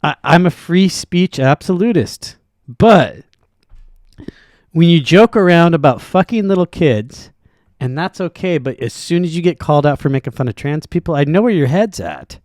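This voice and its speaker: A man co-hosting a podcast, talking loudly and profanely in excitable casual banter on a close mic. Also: on the high side, moderate pace, dry recording. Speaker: podcast co-host.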